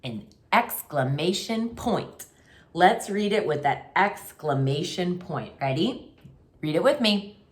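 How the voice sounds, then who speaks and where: A woman's voice: sits low, lively intonation, takes it slowly. A woman teaching a remote kindergarten writing lesson, talking to young children in a patient, sing-song way.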